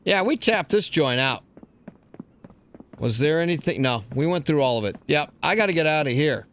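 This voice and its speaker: A man hosting a let's play, rambling crudely and joking to himself over loud game sounds. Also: fairly high pitch, lively intonation, moderate pace, a little hiss or hum. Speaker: gaming channel host. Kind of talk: casual let's play commentary.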